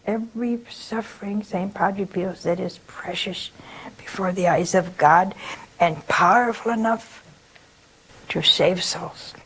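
An older woman with a husky, slightly breathy voice delivers a spiritual talk. She tells folksy anecdotes and keeps throwing rhetorical questions at her listeners. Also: on the low side, slow, a bit bright, poor audio. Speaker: religious speaker.

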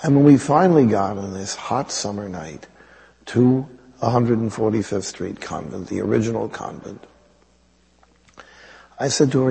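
A priest with a raspy voice, telling a personal story in a sermon in a wry, conversational way. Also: male voice, lowish voice, normal speed, long pauses, mellow, big-room sound, rough recording.

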